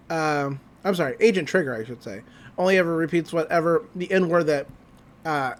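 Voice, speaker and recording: A man hosting a podcast, casually recapping an episode in an animated way, laughing and acting out the characters. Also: on the high side.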